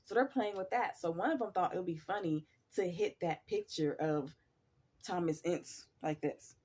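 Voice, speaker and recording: A woman's voice: on the low side, normal speed, a little mellow, husky. A woman casually telling a story in a blunt, profane, chatty way.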